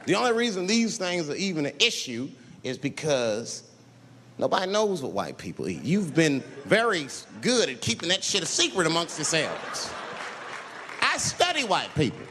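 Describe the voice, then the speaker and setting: A brash, profane male comic works the crowd with a high, lively voice. His words ring through a long hall reverb over a loud, noisy audience. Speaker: stand-up comedian. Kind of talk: stand-up set. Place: comedy club.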